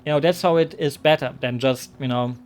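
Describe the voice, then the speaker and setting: A man streams a game and chats loosely with his chat, speaking a little fast in a mid-range voice over soft background music. He jokes and rambles, filling his talk with lots of "like" and "you know."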